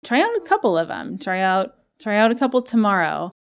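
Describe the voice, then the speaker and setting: A woman's voice: mid-range voice, big pitch swings, brisk. A woman hosting a self-help podcast as a coach, talking in an upbeat, playful way. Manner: upbeat, playful, acts out inner voices. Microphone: podcast microphone.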